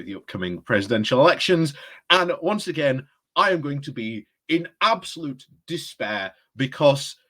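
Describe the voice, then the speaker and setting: A man's voice: mid-range voice, a bit bright. A man giving casual political commentary to camera, rambling, correcting himself and sounding exasperated. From United Kingdom.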